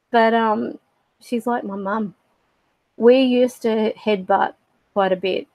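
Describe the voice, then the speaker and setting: A middle-aged woman telling a personal story on a livestream, halting and reflective with many fillers. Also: a little high, fairly even intonation, darkish tone, dry recording, low-quality recording. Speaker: spiritual livestream host.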